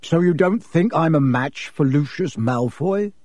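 A man voicing an excitable middle-aged wizard father, slow and eager in his speech. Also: mid-range voice, breathy edge, no echo. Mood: grim.

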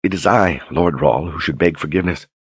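A demure young duchess who speaks softly and courteously, as a male narrator reads her, flattering and gentle. The voice sits very deep and husky, recorded close and dry with no room sound. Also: fairly quick, no echo. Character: young noblewoman duchess, soft-spoken and flattering. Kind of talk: audiobook character reading.

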